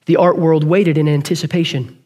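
High-voiced preacher telling a story. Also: male voice, level tone, darkish tone. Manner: earnest storytelling, quick with self-corrections. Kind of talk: sermon.

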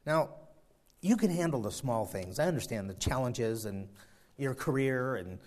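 A man preaching a sermon, swinging from quiet, slow reflection to loud, climbing exhortation, often repeating words as he builds. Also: medium pitch, expressive. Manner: repeats and restarts phrases while building intensity.

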